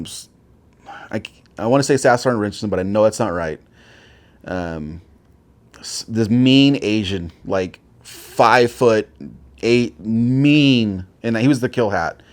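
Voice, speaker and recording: A man in his forties, a military veteran telling his stories casually as an interview guest, profane and rambling with lots of filler words. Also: lowish voice. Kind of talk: casual war storytelling.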